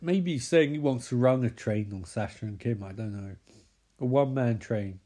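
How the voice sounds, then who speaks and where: A man's voice: mid-range voice, moderate pace, mellow. A man sarcastically recapping and mocking a horror movie.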